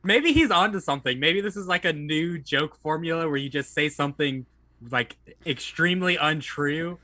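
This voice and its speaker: A male podcast co-host riffs playfully through casual banter. His voice is bright and fairly high, with animated swings of pitch, and the sound is dry and close. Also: moderate pace, dry recording. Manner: playful, riffing jokes.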